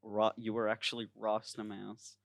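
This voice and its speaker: Young male podcast host, rambling and animated, very dry close mic over voice chat. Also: on the low side, moderate pace, gravelly, dry recording. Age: young adult. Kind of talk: casual chat. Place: home, remote call. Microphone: computer mic over voice chat.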